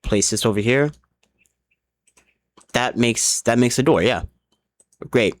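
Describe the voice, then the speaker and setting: A man's voice: mid-range voice, unhurried, long pauses. A man streaming a game live, rambling along as he plays, often restarting his sentences and swearing, and a little drunk. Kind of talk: casual live gaming commentary.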